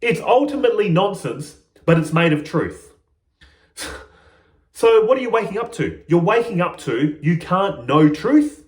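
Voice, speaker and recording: Lively, laughing man in an echoey room. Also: high voice, measured pace. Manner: playful, often laughing at himself. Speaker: spiritual teacher. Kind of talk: reflective spiritual monologue.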